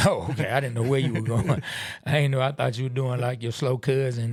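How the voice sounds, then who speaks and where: A man co-hosting a casual live-stream podcast, reading out viewer comments with relaxed asides. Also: mid-range voice, brisk, no echo. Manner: laid-back, reads viewer comments aloud with asides. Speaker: podcast co-host.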